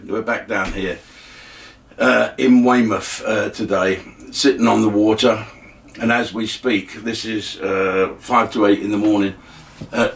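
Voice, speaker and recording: A man's voice: medium pitch, distant mic. An older man, hosting a casual comic monologue in a wry, rambling way full of fillers and restarts. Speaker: host. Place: by the water.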